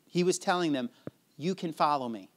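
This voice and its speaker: A man preaching with a fairly high voice, talking conversationally and often turning to his listeners with questions. He chuckles now and then while he unpacks the passage, and the tone stays easy and informal. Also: animated, moderate pace. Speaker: pastor. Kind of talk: sermon.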